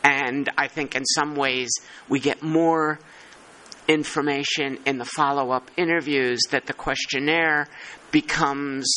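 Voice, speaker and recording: A man's voice: medium pitch, sharp tone, poor audio. A man chairing a working-group meeting, thinking aloud and poking fun at himself. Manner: thinking aloud, self-deprecating.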